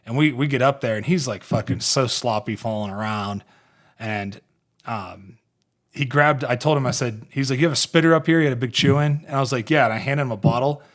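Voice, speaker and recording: This man's mid-range voice moves at a fairly quick clip as he hosts his podcast. In his thirties and from Ohio, he once played pro football and now tells rambling, profane, laughter-filled stories about that career.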